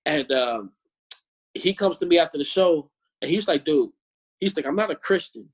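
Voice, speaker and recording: A man tells stories in casual conversation with a raised, husky voice. He is animated and often repeats words as he goes. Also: fairly high pitch, normal speed. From born in Chicago, raised in Omaha. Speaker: Christian musician and street preacher. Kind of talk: casual podcast chat.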